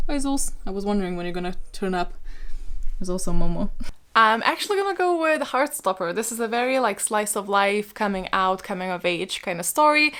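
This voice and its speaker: A woman hosting a book vlog in casual chat, excitable and gushing, laughing often as she talks. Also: a little high, clean tone. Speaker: book vlogger host.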